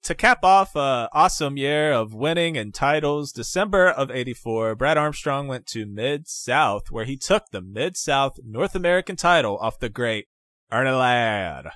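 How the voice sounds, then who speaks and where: A man co-hosting a podcast, recapping wrestling history in a steady voice. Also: medium pitch, moderate pace, no echo, studio quality. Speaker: podcast co-host and narrator. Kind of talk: casual chat and read narration.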